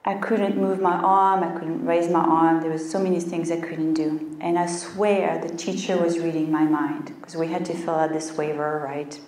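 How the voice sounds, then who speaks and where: A health coach tells her story with animated storytelling, slipping into her own inner voice as she goes. Her voice sits a little low and reaches the mic from a distance, carried through a roomy, echoing space. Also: normal speed, hardly any pauses. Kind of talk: motivational talk.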